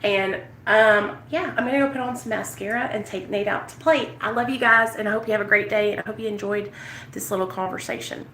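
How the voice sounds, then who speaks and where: A woman's voice: medium pitch, brisk, fairly bright tone, echoey room, distant mic, slight background noise, low-quality recording. A woman chatting casually on a live stream, telling stories and swearing freely as she does her makeup. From United States. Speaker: vlogger.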